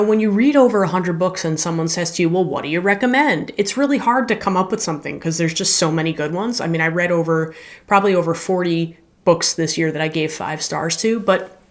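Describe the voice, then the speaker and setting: A woman talking casually and with enthusiasm as she reviews books for her channel. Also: fairly low pitch. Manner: enthusiastic, conversational, with filler and restarts. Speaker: book reviewer.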